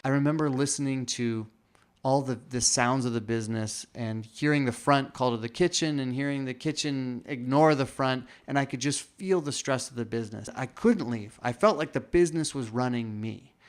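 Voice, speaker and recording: A man's voice: mid-range voice, normal speed. A man hosting a podcast, telling a reflective personal story in casual talk and acting out the quoted lines. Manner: reflective, acts out quoted dialogue. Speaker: podcast host.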